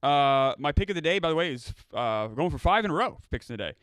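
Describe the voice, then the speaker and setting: A man's voice: fairly high pitch, animated, fast talker, a bit bright, no echo. A man co-hosting a casual sports betting chat, wry and easygoing, often stammering. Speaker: podcast co-host.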